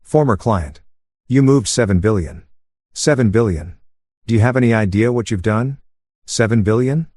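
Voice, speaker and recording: A man's voice: fairly low pitch, moderate pace, pauses often, darkish tone, no echo, clean studio sound, lightly acted. A man playing a panicking smug banker. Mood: panicked. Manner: panicked, pleading. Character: panicking condescending male banker.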